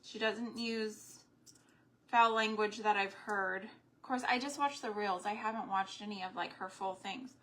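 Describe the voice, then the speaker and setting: Hosting a live crafting stream about homesteading, a woman chats in long, meandering asides while her hands stay busy. Her mid-range voice is fairly bright, with fairly even intonation and a measured pace.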